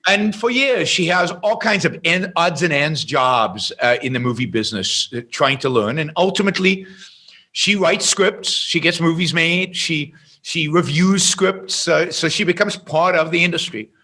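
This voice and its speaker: A middle-aged man, a podcast guest, telling a story in an emphatic, animated way. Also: fairly high pitch, normal speed.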